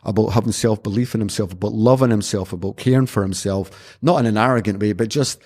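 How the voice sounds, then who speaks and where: A man's voice: lowish voice, fast, a little mellow. A man, a martial arts instructor, talking earnestly in a rambling, conversational interview. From Scotland. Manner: earnest, rambling anecdotes with many restarts. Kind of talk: casual conversational storytelling.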